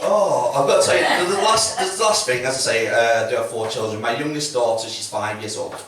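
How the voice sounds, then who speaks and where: Chatty comic, echoey room. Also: male voice, medium pitch, animated, fairly quick, music in the background. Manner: chatty, swearing, self-mocking, acts out quotes. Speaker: stand-up comedian. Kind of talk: stand-up comedy set. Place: comedy club stage. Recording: echoey room, mic from a distance, faint noise.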